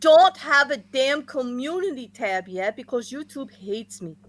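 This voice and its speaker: A woman from the States in casual chat as a guest, chatty and quick to laugh, often trailing off and starting again. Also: high-pitched, animated. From United States.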